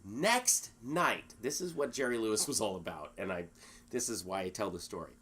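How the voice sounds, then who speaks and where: A man being interviewed, telling a story in a lively, animated way and acting out the quotes. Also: fairly low pitch, normal speed, over loud music. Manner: animated storyteller, acts out quotes, many restarts. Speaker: guest.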